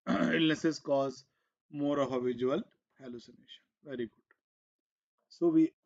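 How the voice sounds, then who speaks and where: In a live exam revision lecture, a medical exam coaching teacher speaks with a fairly high pitch on audio with the highs cut off. He explains slowly and repetitively, switches into Hindi asides now and then, and keeps coughing and clearing his throat.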